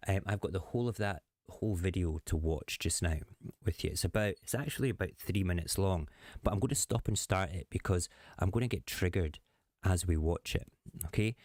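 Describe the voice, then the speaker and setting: Low-pitched male host, chatty and sarcastic, dry close sound. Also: fairly quick, a little mellow, no echo. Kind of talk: casual political commentary.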